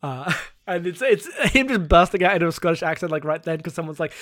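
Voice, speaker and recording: A man's voice: sits high, fairly quick, a bit bright. A man in casual chat about a TV episode, loose and profane, laughing often. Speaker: podcast co-host.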